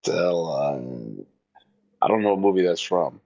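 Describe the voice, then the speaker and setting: A man's voice: low-pitched, unhurried, muffled recording, crowd noise. A man co-hosting a casual chat, guessing movie quotes, exclaiming and cursing in disbelief. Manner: animated, exclaims and curses in disbelief. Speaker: podcast co-host.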